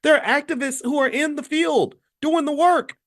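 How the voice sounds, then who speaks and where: A man hosting an impassioned opinion commentary, swinging from low muttering to high outbursts. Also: moderate pace. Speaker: host.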